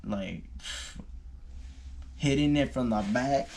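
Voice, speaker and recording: A man's voice: on the low side, steady tone, moderate pace, a little hiss or hum. A young man telling a personal story in a loose, slangy way, full of fillers and swearing. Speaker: vlogger. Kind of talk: casual storytime.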